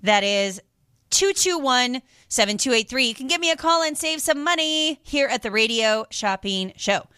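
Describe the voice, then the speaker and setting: A chatty woman radio host with a bright, forward voice that sits a little high. She rambles casually between sales calls and fills her talk with "like" and "um." The sound is close and dry, straight from a studio mic. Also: animated, moderate pace, clean tone, no echo. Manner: chatty and rambling, with many fillers. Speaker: radio shopping show host.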